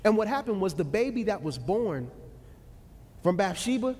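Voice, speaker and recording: High, lively preacher in a big hall. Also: male voice, moderate pace, pauses often, breathy edge. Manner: dramatic storytelling, swings from loud peaks to hushed lows. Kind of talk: sermon. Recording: long hall reverb.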